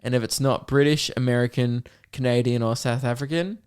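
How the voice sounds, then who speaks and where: A man's voice: mid-range voice, fairly even intonation, a little fast, a little mellow, clean tone. Young Australian man, podcast host, casual storytelling, frequent laughs. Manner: rambling, laughs often, quotes people in put-on voices. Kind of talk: casual chat.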